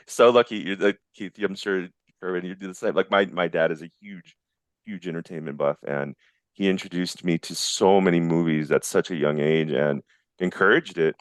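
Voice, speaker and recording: A man's voice: deep voice, normal speed, no echo, studio quality. A man in his forties talking casually as an interview guest, enthusiastic and rambling, often restarting his sentences. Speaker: guest, visual effects artist.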